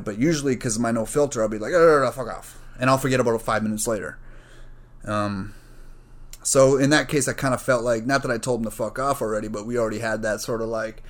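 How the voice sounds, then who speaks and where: A young man hosting a casual solo podcast, rambling and swearing freely, with sudden bursts of high mock voices when he imitates other people. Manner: rambling, profane, animated, mimics others in a raised voice. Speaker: podcast host.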